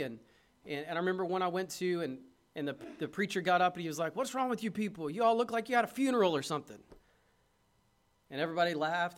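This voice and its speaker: A middle-aged man preaches from the pulpit in a fairly high voice. He drives his points hard and loud, then drops into a soft, tender tone. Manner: impassioned preaching, swings between loud urging and soft tenderness. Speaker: pastor. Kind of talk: sermon.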